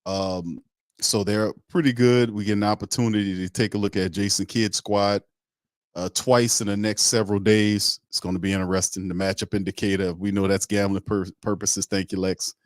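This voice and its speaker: A man hosting a casual sports podcast, slangy and animated, laughing often. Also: fairly low pitch, moderate pace, no room sound, studio quality. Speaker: podcast host.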